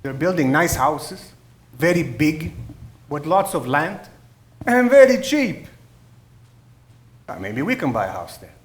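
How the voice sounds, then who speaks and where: A high, lively voice for a warm, stubborn Italian immigrant father with an Italian accent, acted by a man. He teases and exclaims, swings his pitch a lot, and sounds like he's in an echoey room. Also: a little slow, pauses often. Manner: teasing, exclaiming with Italian phrases. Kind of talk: stage play acting.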